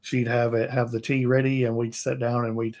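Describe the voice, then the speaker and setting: A man's voice: medium pitch, little pitch movement, fairly quick, a little mellow. Southern-accented American man, chatty livestream host who rambles and laughs easily. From Tennessee, USA. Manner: rambling, laughs often, drawling. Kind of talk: casual interview chat.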